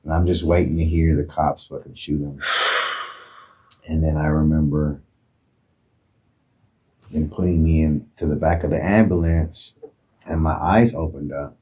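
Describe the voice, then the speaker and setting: A man from Oakland, California, telling a profane, animated story as a guest in a casual interview. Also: extremely low pitch, unhurried, pauses often, husky. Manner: profane, animated retelling with acted quotes.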